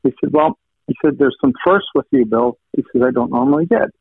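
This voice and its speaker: A man's voice: mid-range voice, expressive, brisk, creaky, slightly rough. A man earnestly sharing a personal testimony, retelling conversations line by line and thanking God along the way. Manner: retells conversations, stacking quoted "he said" lines. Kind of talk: personal storytelling. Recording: thin phone-like line, dry.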